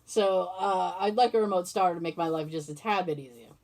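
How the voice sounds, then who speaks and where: This woman hosts a podcast in a fairly low, brisk voice with a darkish tone. In casual chat she recounts a story, voicing both sides of the conversation and cursing freely.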